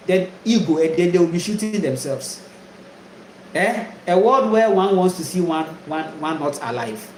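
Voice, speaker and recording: A man's voice: sits high, animated, moderate pace, a little mellow, reverberant, a little hiss or hum, low-quality recording. A man from Ghana preaching a spiritual monologue, emphatic and repetitive, full of rhetorical questions. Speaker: spiritual teacher.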